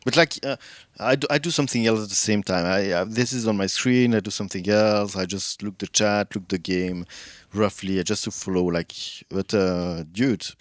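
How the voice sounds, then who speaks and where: A male streamer with a lowish voice talks casually while he plays, rambling through false starts and thinking aloud. His voice is close to the mic and dry, with no room sound behind it. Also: moderate pace, hardly any pauses, no echo. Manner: rambling, many restarts, chats with viewers while thinking aloud.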